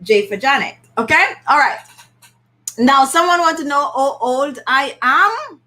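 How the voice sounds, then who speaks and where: A woman in her fifties chats casually with viewers on her beauty channel, answering their comments one by one. Her voice sits high and sounds bright and forward. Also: animated, unhurried. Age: 50s. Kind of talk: casual live-stream chat with viewers.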